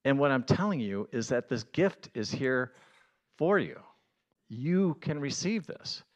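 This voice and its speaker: A man giving a conversational sermon as a pastor, earnest and building to excited emphasis. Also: medium pitch, a little slow.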